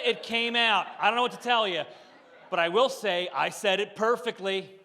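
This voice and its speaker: A male comedian working a live set, his voice high and bright with a sharp edge. He spins stories with punchy asides and acts out the people in them, and the sound rings out in a reverberant room. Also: normal speed. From Philadelphia area. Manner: storytelling with punchy asides, acting out quotes. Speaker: stand-up comedian. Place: country club room, live audience.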